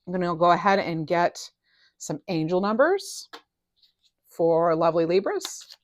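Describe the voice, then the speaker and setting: A middle-aged woman giving a casual tarot reading, enthusiastic and animated, her voice rising and falling in loudness. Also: lowish voice, measured pace, no echo. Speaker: tarot reader.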